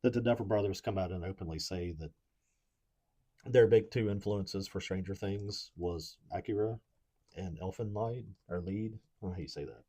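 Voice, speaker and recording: A very low-voiced man from Appalachia co-hosts a podcast in loose, rambling chat. He talks at an easy pace, hunting for words and padding his speech with fillers. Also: normal speed. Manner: relaxed, rambling with many fillers. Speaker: podcast co-host. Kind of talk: casual chat.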